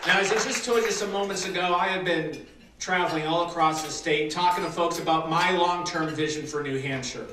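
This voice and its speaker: A man's voice: a little high, a little fast. Man giving a rousing speech in an echoey hall. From Massachusetts. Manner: rousing, builds to loud applause lines. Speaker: political candidate giving a speech. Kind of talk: campaign stump speech at a dinner. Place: large dinner hall with an audience. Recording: echoey banquet hall, distant mic, crowd noise.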